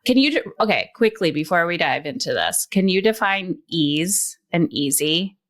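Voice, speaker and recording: A woman with a lowish voice hosting a podcast conversation. She sums up thoughtfully, then moves on to a follow-up question. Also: expressive, moderate pace, a bit bright. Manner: reflective, summing up and asking follow-up questions. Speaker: podcast host.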